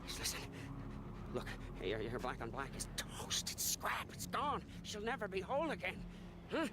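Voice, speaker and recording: An actor playing a bizarre, deranged, zealous wasteland mechanic in a video game, preachy and wheedling. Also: male voice, sits high, huge pitch swings, moderate pace, full character voice. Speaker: game character. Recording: game audio over loud engine noise.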